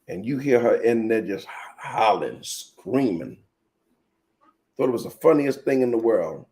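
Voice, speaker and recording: A man hosting a live teaching show as a pastor, telling animated personal stories and speaking straight to his viewers. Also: mid-range voice, moderate pace.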